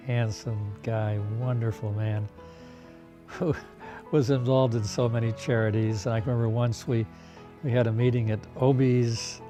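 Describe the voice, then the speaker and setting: An older man telling stories in a documentary interview, unhurried, with fillers and soft laughs. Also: medium pitch.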